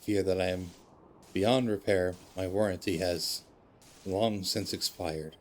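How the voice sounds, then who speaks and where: A man voicing a gentle, self-sacrificing male robot as he reads game dialogue aloud, slow and deliberate, with stuttered repeats. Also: low-pitched, steady tone, slight background noise. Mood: resigned.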